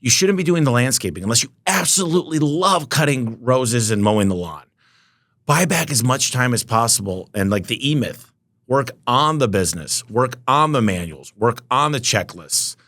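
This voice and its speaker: A man telling business stories as a podcast guest, emphatic and energetic, often acting out both sides of conversations. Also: medium pitch, moderate pace. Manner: energetic, emphatic, acts out quoted dialogue. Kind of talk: storytelling interview talk.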